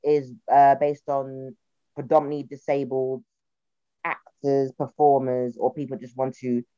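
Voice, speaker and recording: A young woman from South London tells stories in a low, mellow voice, acting out the people she quotes. Her South London accent runs through the relaxed chat. The sound is dry and a little dull. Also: unhurried, dry recording. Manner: animated storyteller, acts out quotes in voices. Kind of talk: casual chat.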